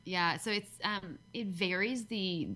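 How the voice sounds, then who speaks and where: A woman's voice: mid-range voice, takes it slowly, sharp tone. A young woman with a Canadian accent, a podcast guest talking in a chatty, self-deprecating way with many fillers. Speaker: guest, cosplayer. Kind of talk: casual podcast interview.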